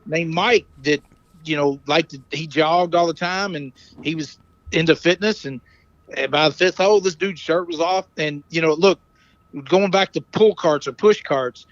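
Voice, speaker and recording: A man's voice: a little high, moderate pace, dull audio. A man co-hosting a casual podcast, telling rambling anecdotes and correcting himself as he goes. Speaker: podcast co-host, former caddie. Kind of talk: casual storytelling chat.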